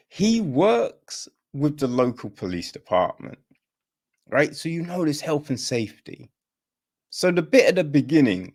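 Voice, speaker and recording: Guy ranting about a movie on a podcast, voice jumps all over, slow deliberate delivery. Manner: incredulous, rambling, with many fillers; swings between high exclamations and low mutters. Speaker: film review podcast host. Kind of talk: casual podcast film review.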